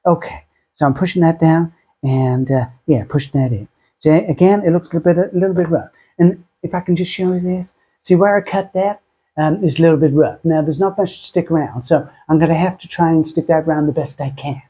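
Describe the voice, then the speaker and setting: A man hosting a craft tutorial, chatty and self-deprecating, speaking in a husky put-on voice that sounds like a sore throat. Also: fairly high pitch, a little fast, mellow, lo-fi sound. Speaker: craft channel host.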